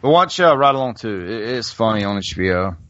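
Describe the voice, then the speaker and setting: A man's voice: lowish voice, expressive, a little fast, fairly bright tone. A man hosting a podcast in casual chat, rambling with many fillers and restarts. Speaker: podcast host. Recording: dull lo-fi podcast audio.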